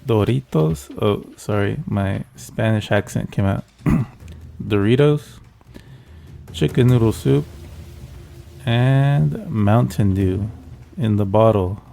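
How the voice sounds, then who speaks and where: Dry, creaky-voiced man doing comic commentary. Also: lowish voice, takes it slowly, pauses often, warm tone, slight background noise. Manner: dry, mock-serious translating. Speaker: video host. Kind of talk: comedic commentary.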